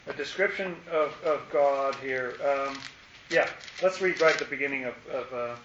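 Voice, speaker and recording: A man's voice: mid-range voice, normal speed, a bit bright, echoey room, lo-fi sound, a little hiss or hum. A man leading a casual Bible study, explaining passages with playful asides.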